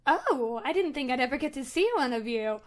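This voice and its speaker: A woman's voice: high-pitched, animated, a little fast. A woman voicing a small young priestess who scolds a friend. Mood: awed.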